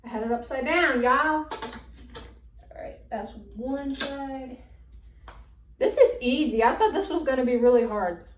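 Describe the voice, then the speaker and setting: Building something at home for her vlog, a young woman talks to the camera, blunt and chatty, cursing freely, muttering to herself and slightly out of breath. Her high voice has lively intonation and an unhurried pace with long pauses. The room is echoey and the mic sits at a distance.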